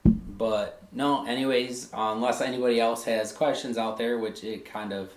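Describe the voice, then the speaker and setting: A man's voice: mid-range voice, fairly even intonation, moderate pace, slight background noise. A man hosting a live stream, talking in a rambling, casual way, with many fillers and some swearing. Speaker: host. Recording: echoey room.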